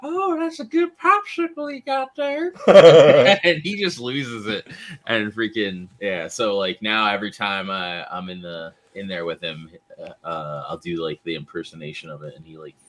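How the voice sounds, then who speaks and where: A man's voice: deep voice, normal speed. A man on a casual podcast, laid-back as he tells an anecdote. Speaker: podcast co-host. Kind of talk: casual chat.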